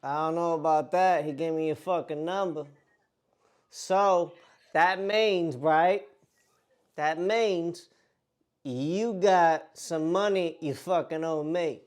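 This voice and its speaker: A man playing a foul-mouthed tough guy who leans on a stranger for money, swearing in nearly every sentence. The voice sits high for a man and comes through a podcast mic. He keeps pushing and never lets up. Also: slow pace, clear, resonant tone. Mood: pushy. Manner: profane, pushy, escalating. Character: aggressive man threatening a stranger over a debt. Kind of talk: prank phone call.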